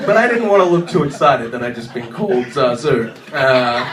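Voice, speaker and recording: A young man from Australia telling a comic, self-mocking story on a live stage, animated and full of quick asides. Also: mid-range voice, crowd noise. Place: live stage show in a venue. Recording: roomy sound from a distance.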